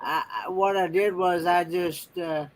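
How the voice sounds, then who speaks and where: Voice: mid-range voice, fairly even intonation, unhurried. A livestream participant chatting casually and helpfully explaining steps. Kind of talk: casual chat.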